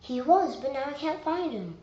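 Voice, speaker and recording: A woman's voice: high-pitched, very animated, normal speed, mellow, roomy sound, dull audio. A woman voicing an earnest young lioness in a pleading manner, as a fan voice audition.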